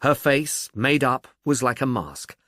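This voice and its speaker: Male audiobook reader, animated delivery, dry close studio sound. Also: medium pitch, unhurried, dry recording. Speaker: audiobook narrator. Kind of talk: scripted narration.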